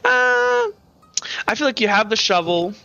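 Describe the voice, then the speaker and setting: A man's voice: extremely high pitch, huge pitch swings, a little slow, gravelly, pushed and bright, muffled recording, faint music behind. A man narrating as game master on a live stream, rambling and often correcting himself mid-sentence.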